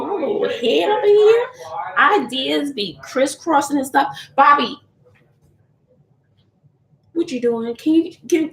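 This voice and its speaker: A woman's voice: sits high, reverberant. A middle-aged woman, chatting casually with viewers live from home, laughing often and calling them honey and child. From Texas. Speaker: channel host doing a live chat. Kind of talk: casual livestream chat. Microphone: phone or computer.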